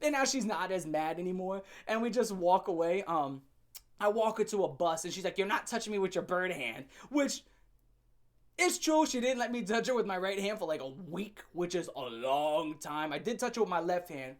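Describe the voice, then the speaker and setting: A young man telling a funny story from his teen years in a casual, animated way, laughing often and swearing freely. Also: high-pitched, moderate pace. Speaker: storyteller host. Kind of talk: comedic storytime vlog.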